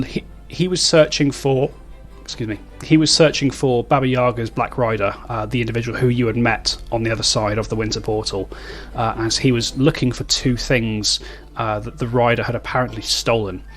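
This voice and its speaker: A British man running a tabletop game, recapping the story with many ums and uhs and a wry tone. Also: mid-range voice. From Britain. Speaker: game master.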